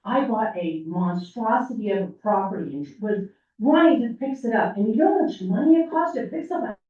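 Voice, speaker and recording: A woman's voice: medium pitch, animated, a little fast, mellow. Upset older woman in an echoey hall. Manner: upset, emphatic, pleading. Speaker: public commenter. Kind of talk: public comment at a city meeting. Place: city council chamber. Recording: echoey room mic, heard from far off, dull.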